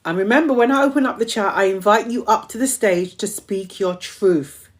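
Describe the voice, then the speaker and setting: A woman's voice: medium pitch, normal speed. A woman hosting a motivational live stream, emphatically repeating affirmations to her community, her voice strained and tiring.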